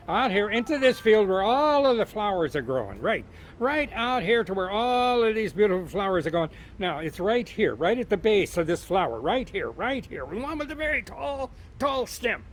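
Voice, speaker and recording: A man voicing a cheeky, tricky little male leprechaun with a put-on Irish brogue and a high, excited lilt. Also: slight background noise.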